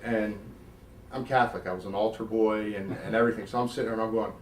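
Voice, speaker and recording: A man's voice: fairly low pitch, fast, reverberant, recorded from a distance, a little hiss or hum. A middle-aged man from South Jersey being interviewed, telling stories with vivid quoted dialogue and casual swearing. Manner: animated, swears freely, acts out quotes. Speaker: guest, former wrestler. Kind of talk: storytelling interview.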